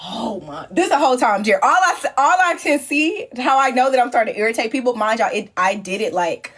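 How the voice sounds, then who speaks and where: Animated young woman telling a story on a livestream. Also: a little fast, slightly rough. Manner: animated, swearing, imitating others in a high voice. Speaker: livestream host chatting with viewers. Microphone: phone.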